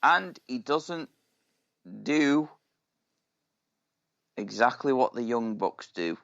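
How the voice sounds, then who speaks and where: Slow-talking teasing podcast co-host, animated delivery, dull lo-fi mic. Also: medium pitch, vocal fry. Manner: teasing, jokey, drawn-out. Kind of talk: casual chat.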